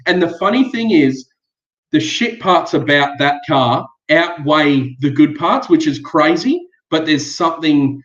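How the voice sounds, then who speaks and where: A man's voice: fairly high pitch, animated, unhurried, fairly bright tone. Easygoing Australian man, echoey muffled audio. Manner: easygoing, laughs often. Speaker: guest. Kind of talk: casual chat.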